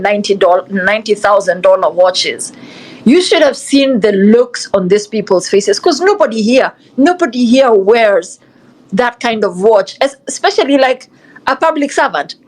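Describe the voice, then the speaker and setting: A young Kenyan woman with a mid-range voice speaks passionately in an online discussion, repeating her points and switching into Swahili. The recording quality is low, and the talk has the feel of an impassioned live audio exchange.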